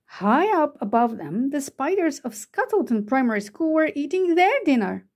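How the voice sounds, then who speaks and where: A woman reading a children's picture book aloud, telling the story slowly and expressively. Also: high-pitched, very animated, a little mellow. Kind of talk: children's read-aloud narration.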